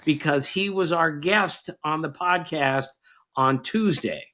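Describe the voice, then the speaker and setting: A man's voice: fairly high pitch, slow, bright, forceful tone. An older man with a nasal voice co-hosting a casual podcast with his son, teasing him with quiz questions and rattling off stats. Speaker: podcast co-host, baseball writer.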